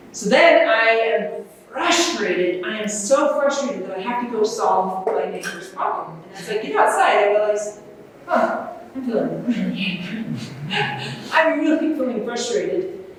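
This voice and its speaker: A woman presenting a workshop at a conference, talking in a gentle, unhurried way with fillers and restarts. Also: mid-range voice, far from the mic, slight background noise. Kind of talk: workshop talk on self-compassion. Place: large conference room. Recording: echoey room, voice off-mic, faint ambience.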